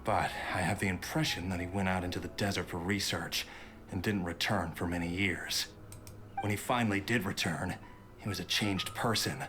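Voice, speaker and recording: An actor playing a bitter, resentful son in a game who talks coldly and grudgingly. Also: male voice, sits low, fairly even intonation, moderate pace, music in the background, natural voice. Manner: cold, grudging.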